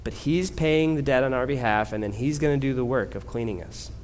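A male preacher with a medium-pitched voice gives a conversational sermon, often ending points with "right?" He gets louder and slower when driving a point home. A long hall echo surrounds him, along with a little hiss or hum.

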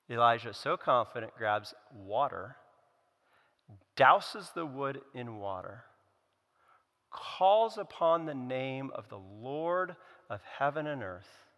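A man's voice: medium pitch, fairly bright tone. A man preaching a sermon, retelling a scripture story with sarcastic asides. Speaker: pastor. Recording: long hall reverb.

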